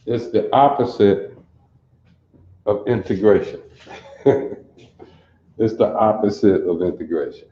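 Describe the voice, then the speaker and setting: Guy running an online bible class, lowish voice, keeps asking the chat and repeating stuff. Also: slow, long pauses, mellow, reverberant, dull audio. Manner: quizzes listeners and repeats phrases to drill them. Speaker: religious teacher. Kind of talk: livestreamed Bible class lecture.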